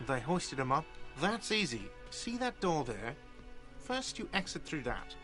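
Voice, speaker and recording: An actor playing a defensive, irritable middle-aged cafeteria manager in a video game. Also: male voice, fairly high pitch, very animated, a little slow, fairly bright tone, soft background music.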